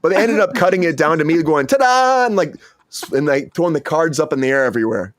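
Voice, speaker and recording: A man, an actor hosting the show, chatting casually and acting out quotes from his stories in a raised voice. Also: fast talker. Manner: animated storyteller, acts out quotes in high voice. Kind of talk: casual chat.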